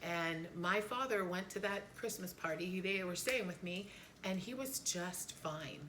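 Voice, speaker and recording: A middle-aged woman with a bright, forceful voice tells a family story casually, leaping up in pitch whenever she quotes someone. It is a relaxed chat between relatives with a faint hiss of noise behind her. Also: a little slow. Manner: animated, voice jumps high when quoting. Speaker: podcast co-host.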